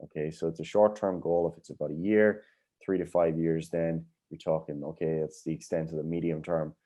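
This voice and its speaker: A man co-hosting a podcast, calmly explaining and agreeing in a measured, explanatory way. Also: very deep voice. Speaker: podcast co-host. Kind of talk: casual podcast chat.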